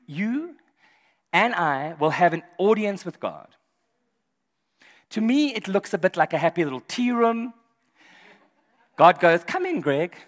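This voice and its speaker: A man preaching a sermon in an animated, humorous way, often laughing as he talks. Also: high-pitched, in a large hall. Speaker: pastor.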